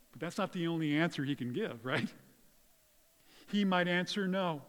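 An earnest male pastor delivering a sermon with a fairly high voice. He drops to hushed, tender tones and then rises to loud emphasis. His words ring with the long reverb of a hall.

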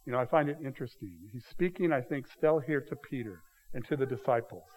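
A pastor with a mid-range voice preaches an expository sermon at a brisk clip, explaining the text conversationally and putting rhetorical questions to his listeners. He paraphrases the passage with lively emphasis. The recording is rough, with slight background noise.

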